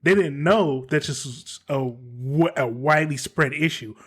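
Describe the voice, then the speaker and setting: A male podcast host rolls through a story with heat, cursing freely in relaxed chat. His voice sits a little high for a man, and his delivery keeps building as he gets worked up. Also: a little slow, slightly rough. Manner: heated storytelling, swears freely.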